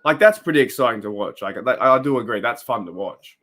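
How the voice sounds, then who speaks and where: A man's voice: medium pitch, lively intonation, quick pace, fairly bright tone. A young Australian man hosting a casual live stream, reacting to a game and chatting with viewers in a loose, rambling way. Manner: chatty, rambling, reads out chat comments.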